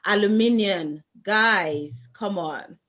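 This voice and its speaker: A woman's voice: mid-range voice, noisy background. A woman, co-hosting a podcast and steering a casual group chat through listener questions. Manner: brisk, steers the talk along.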